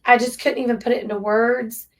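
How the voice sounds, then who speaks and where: Brisk and level in tone, a slightly high female voice carries an East Tennessee accent as she, the head of a relief shelter, tells an emotional story of a difficult moment. She speaks earnestly and tearfully with Southern turns of phrase, and there's slight background noise.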